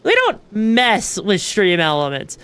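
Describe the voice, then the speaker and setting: A VTuber streamer with a medium-pitched voice that's a bit bright, clear and resonant speaks slowly with huge pitch swings. Setting up a game, she chats casually and rambles with lots of fillers and casual swearing.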